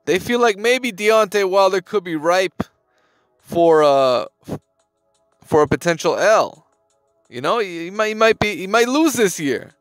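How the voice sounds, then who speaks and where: A man's voice: sits high, expressive, unhurried, no room sound, faint music behind. A man hosting a boxing news channel, giving casual, emphatic commentary to camera in slangy talk, often repeating his phrases and swearing.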